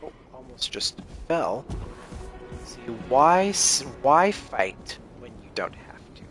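A man's voice: medium pitch, slow, soft background music. A young man, chatting casually to viewers while playing a game. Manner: chatty, excitable, talks to viewers as y'all. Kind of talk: casual gameplay commentary.

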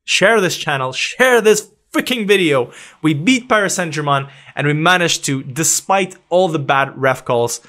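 A man giving excitable, panicky live commentary on his own football management game, shouting at the match as it plays out. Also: a little high, unhurried. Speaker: gaming video creator.

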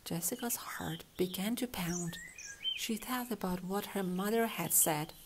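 A woman reading a children's picture book aloud in a gentle, expressive storytelling manner. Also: fairly low pitch, a little slow, noisy background.

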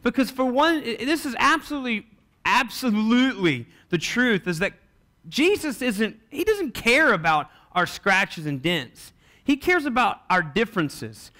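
High bright-voiced man preaching. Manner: animated storytelling, acts out quoted voices. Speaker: pastor. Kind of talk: sermon.

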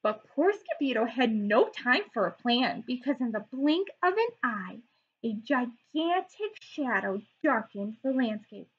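A woman teacher reading a children's storybook aloud in a lively way, stopping to explain words for young listeners. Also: on the high side, measured pace, breathy edge. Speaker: preschool teacher. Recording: dull lo-fi recording.

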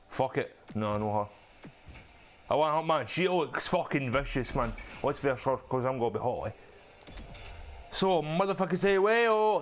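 Brash, sweary Scottish gamer guy. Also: a little high. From Scotland. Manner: brash, sweary trash talk with bursts of shouting. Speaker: gaming channel host. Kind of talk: casual gameplay commentary. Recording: noisy background ambience.

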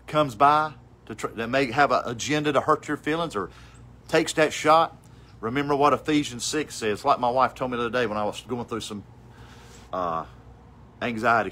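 Male preacher, fervent devotional sermon, bright and fairly high voice. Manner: fervent, preacherly, swings from loud to hushed; quotes scripture in a measured cadence.

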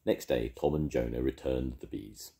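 Very deep-voiced grandad reading a story. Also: male voice, normal speed, gravelly. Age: older. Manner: expressive, animated reading. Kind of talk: children's story read aloud.

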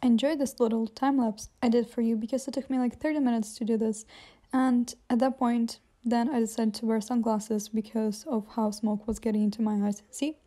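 A woman's voice: on the high side, level tone, moderate pace, dark tone, no echo. A young woman who is not a native English speaker, chatting casually to camera outdoors by a campfire, often exclaiming and repeating words. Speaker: vlogger. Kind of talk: casual vlog talk to camera.

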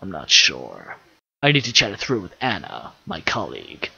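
A man's voice: low voice, wildly swooping pitch, normal speed, vocal fry, sharp tone, breathy edge, lo-fi sound, pitched below the performer's own voice, exaggerated voice. A man doing a guarded, weary officer. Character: weary suspicious stranded male officer.

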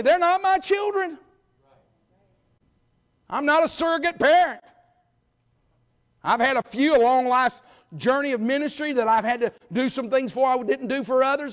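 A middle-aged man preaching a sermon in a church, folksy and emphatic, swinging between loud calls and quiet asides. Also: very high voice. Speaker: guest preacher. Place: church sanctuary.

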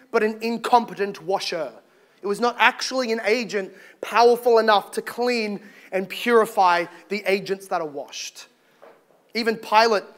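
A male pastor preaching a sermon in an animated way, with humorous asides. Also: extremely high pitch. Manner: animated, joking asides, acts out quotes.

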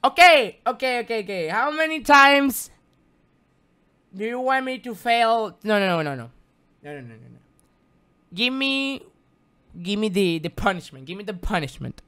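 A man whose first language is Spanish, streaming a game live with excitable, theatrical commentary that jumps from muttering to yelping. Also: very high-pitched, moderate pace, smooth. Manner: excitable and theatrical, swinging between mutters and yelps. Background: game music.

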